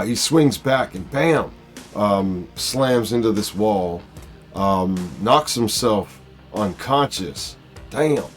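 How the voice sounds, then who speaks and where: A man hosting a casual comic book review, talking in a halting way with many fillers. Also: lowish voice. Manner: halting, full of uh and um. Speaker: comic book video host.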